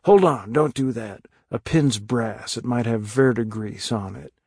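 A man's voice: mid-range voice, a little slow, creaky, darkish tone, slightly rough, no echo, clean studio sound. A man voicing a bold but frightened boy who whispers earnestly and takes charge.

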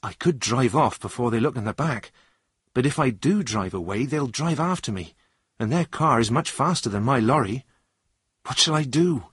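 A man playing a level-headed lorry driver who talks calmly. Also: mid-range voice, normal speed, husky, no echo, studio quality. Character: steady adult lorry driver.

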